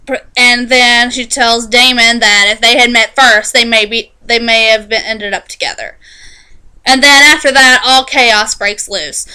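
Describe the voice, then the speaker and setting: A woman casually recapping a TV episode in a chatty, animated way, often restarting her sentences. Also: on the high side, unhurried, smooth, rough recording. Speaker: TV show reviewer.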